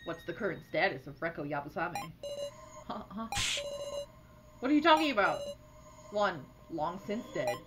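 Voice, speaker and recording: A woman's voice: on the low side, sing-song, normal speed, long pauses. A woman reading out a mocking doll man's taunts. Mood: taunting. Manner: mocking, teasing. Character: taunting male doll game character. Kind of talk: reading game dialogue aloud. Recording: game music playing behind.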